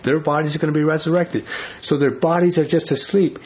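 A man's voice: a little high, steady tone, fairly quick. Man teaching a casual Bible class. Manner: conversational, asks the class questions, many fillers. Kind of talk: informal Bible study teaching. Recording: dull lo-fi recording.

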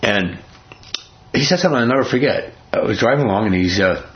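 A man's voice: fairly low pitch, expressive, a little fast, muffled recording. A man preaching a sermon in a conversational, rambling way, often restarting his sentences.

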